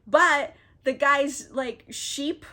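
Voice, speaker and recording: A woman's voice: high-pitched, very slow, pushed and bright, heavily acted. A woman voicing an easygoing male shepherd who talks in casual slang, in a comedic book recap.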